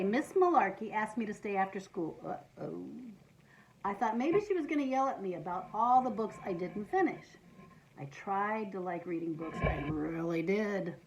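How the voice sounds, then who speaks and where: A woman reads a picture book aloud to children, her voice lively and swooping. She sits a little high in pitch and adds playful asides between the lines. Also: poor audio. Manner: animated, playful, adds asides to young listeners. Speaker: storytime reader.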